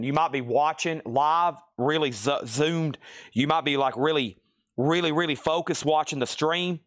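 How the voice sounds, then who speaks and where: Tired man calling out record prices. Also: mid-range voice. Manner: rapid auction-style calling of items and prices, chatty asides. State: tired, voice getting worn. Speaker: live-stream record seller. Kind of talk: live-stream sales patter. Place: record store.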